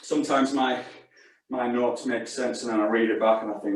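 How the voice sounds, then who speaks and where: A man's voice: mid-range voice, steady tone, normal speed. A male fitness instructor leading a live class, chatty and encouraging, calling short exercise cues. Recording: very echoey room, distant mic.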